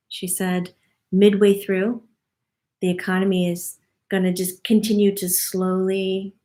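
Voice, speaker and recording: A woman's voice: mid-range voice, a little mellow. A woman working as a medium, casually passing on a spirit guide's monthly forecast, chatty and given to laughing. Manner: chatty, laughs often, relays what the guide says.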